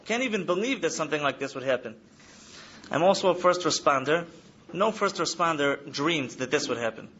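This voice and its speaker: A man in his thirties gives an earnest lecture to students, a slightly higher voice and key phrases said again and again. The recording sounds dull and lo-fi, a faint hiss behind him. He seems to be speaking in a study hall. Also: animated, fairly quick, sharp tone. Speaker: trauma counselor speaking to yeshiva students. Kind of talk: lecture to an audience.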